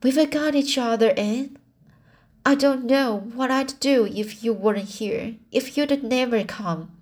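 A woman's voice: a little high, unhurried, darkish tone, voice pushed up. A woman voicing a stern older woman in grief. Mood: tender.

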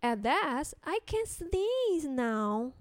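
A woman voicing a fretful little old lady who pleads and complains in a drawn-out sing-song. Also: high voice, sing-song, dry recording, studio quality, exaggerated voice. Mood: relieved, delighted.

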